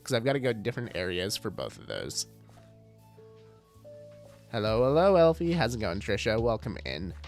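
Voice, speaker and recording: A man's voice: on the low side, big pitch swings, normal speed, long pauses, darkish tone, faint music behind. A man streaming a game live, chatting casually and greeting viewers, with many fillers. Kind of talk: casual livestream chat.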